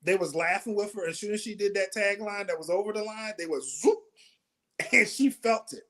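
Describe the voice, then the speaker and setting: Male host, high voice, animated chatty storyteller, casual interview. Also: normal speed. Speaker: comedy show host and producer.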